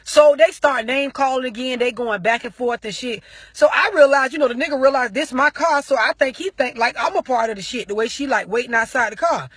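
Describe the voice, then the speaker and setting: High, husky woman telling a profane story. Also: a little fast, dry recording. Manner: animated, heavily profane, slangy. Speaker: vlogger. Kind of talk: storytelling rant.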